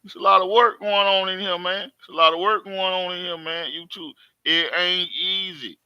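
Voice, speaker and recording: A man's voice: high voice, steady tone, normal speed, pushed and bright, clear, resonant tone, no room sound, dull audio. A man hosting his own live stream, talking emphatically and repetitively in casual street talk to his viewers from home. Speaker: host.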